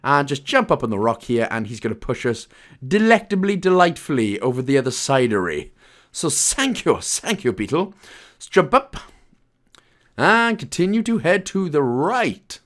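A man's voice: on the high side, big pitch swings, moderate pace, fairly bright tone. A young Welsh man with a Welsh accent giving a chatty, jokey gameplay walkthrough with loose asides and fillers. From Wales. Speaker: game guide presenter. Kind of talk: casual gameplay walkthrough commentary.

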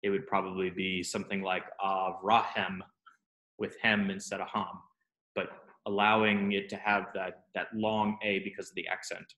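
A man's voice: sits low, flat delivery, normal speed, bright, forceful tone. A man teaching a class, explaining step by step and asking students questions as he goes. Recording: roomy classroom echo.

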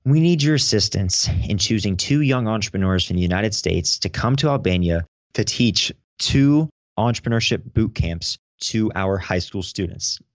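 A young man telling a story in an animated way as a podcast guest. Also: fairly low pitch, moderate pace, few pauses, no room sound, clean studio sound. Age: young adult. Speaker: podcast guest, teen podcast host. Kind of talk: casual interview storytelling.

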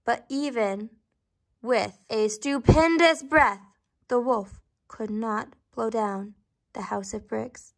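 A woman reading a storybook aloud to children, pausing to ask questions and dropping into soft whispered asides. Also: fairly high pitch, vocal fry. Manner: gentle, asks the listener questions, whispered asides.

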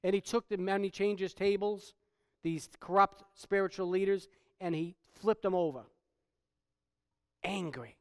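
A man pastor preaching a sermon, swinging from quiet stretches to loud, emphatic preaching. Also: sits high, steady tone, unhurried, pauses often, clean tone, no echo, studio quality.

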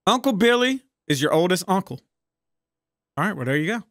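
A young adult American man, a gaming YouTuber, plays a video game while giving profane, joking commentary and reading the game's text aloud. His voice is high-pitched, sing-song, brisk, and a bit bright, in a dry recording.

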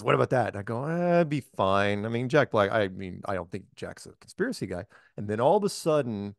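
A man hosting a relaxed conversation tells a story with lots of energy, slipping into the voices of the people he quotes. His voice sits at an ordinary pitch and the recording is dry and close, with no room sound. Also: dry recording. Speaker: host. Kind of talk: casual storytelling chat.

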